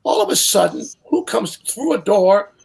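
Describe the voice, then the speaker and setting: Husky gravelly-voiced older man telling stories. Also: high voice, normal speed. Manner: animated storyteller who acts out quotes. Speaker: guest storyteller. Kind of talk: casual anecdote telling.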